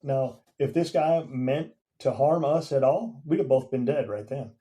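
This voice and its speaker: A man in his fifties with a mellow, warm tone tells his story on a podcast. His pitch sits in an ordinary middle range for a man. He speaks conversationally and now and then acts out what people said. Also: unhurried, rough recording. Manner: recounts events plainly, acting out quoted dialogue. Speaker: guest, veteran and former police officer.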